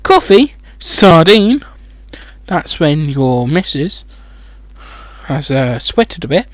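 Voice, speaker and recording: Sweary man reading a slow, animated audiobook. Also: fairly high pitch, no room sound. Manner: sweary, rambling, mocking asides. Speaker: audiobook reader. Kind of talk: comedic audiobook reading with asides.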